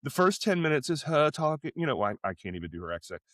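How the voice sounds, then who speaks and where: A man co-hosting a casual podcast, telling stories in an animated way, often stumbling over and repeating his words. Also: fairly high pitch, quick pace, no echo, studio quality, faint music behind. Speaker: podcast co-host. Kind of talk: casual conversational podcast chat.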